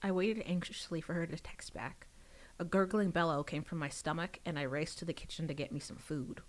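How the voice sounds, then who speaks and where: A woman reading her own novel aloud on a livestream, pausing for casual chatty asides. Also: deep voice, steady tone.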